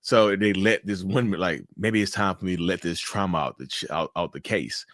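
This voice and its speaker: Man, lowish voice, casual host, loose talk with swearing, acts out reactions, dry close sound. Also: normal speed, dry recording. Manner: animated, acts out reactions with big pitch jumps and laughs. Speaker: interview host. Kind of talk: casual interview chat, swearing.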